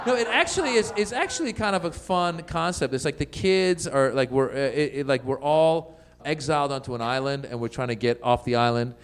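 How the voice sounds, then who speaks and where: A man's voice: mid-range voice, expressive, fairly quick. A middle-aged man from the United States, a comedian guesting on an interview show, telling stories animatedly, laughing often and acting out voices.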